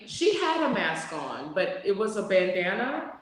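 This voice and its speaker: A woman co-hosting a casual chat podcast, telling stories with lively acted-out voices for the people in them. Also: measured pace. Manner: acts out both sides of her stories with big jumps in pitch. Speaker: podcast co-host. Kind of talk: casual chat, animated storytelling. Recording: very echoey room with long reverb.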